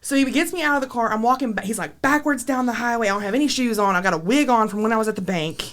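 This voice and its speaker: A woman's voice: a little high, very fast, a bit bright. A woman, a podcast guest telling a wild story in a blunt, profane, laughing way. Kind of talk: casual storytelling.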